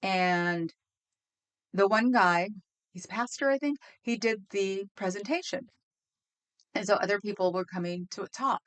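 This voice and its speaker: A woman live-streaming in a loose, rambling way, with a voice of ordinary middle pitch. She chats straight to her viewers and laughs easily as she wanders from one thought to the next. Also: fairly bright tone, clear, resonant tone. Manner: rambling, chatty, quick to laugh; talks to viewers in chat. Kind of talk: casual live-stream chat.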